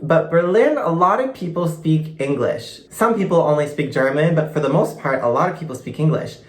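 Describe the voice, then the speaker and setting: A man's voice: on the high side, lively intonation, brisk. A young man from Canada chatting casually in a vlog, gushing and bubbly, full of "like" fillers. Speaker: vlogger. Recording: echoey room.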